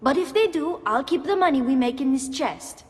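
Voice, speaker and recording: Sharp, high-voiced noblewoman, dry sarcasm, reverberant game audio. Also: animated, moderate pace. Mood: sarcastic. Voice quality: sarcastic, clipped. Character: sharp-tongued young noblewoman stuck with bookkeeping. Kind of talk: video game dialogue.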